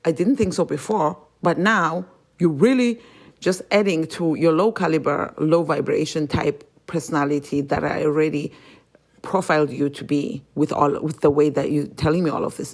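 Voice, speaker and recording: A woman hosting a podcast, venting about family in a heated, profane monologue that jumps sharply higher and louder when she gets angry. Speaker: podcast host.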